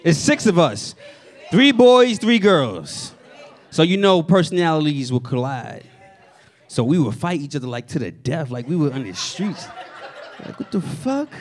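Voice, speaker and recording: A man with a New York accent doing a stand-up set, telling family stories in a lively way and acting out the people in them with loud punchlines. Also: on the high side, unhurried. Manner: animated storytelling, loud punchlines, acts out family members. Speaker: stand-up comedian. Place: comedy stage before a live audience. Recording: audience laughter behind.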